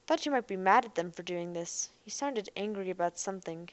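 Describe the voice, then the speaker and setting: A woman voicing a defensive, boastful young man in a robot body who is quick to shout. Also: mid-range voice, animated, no echo, lightly acted. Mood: agitated.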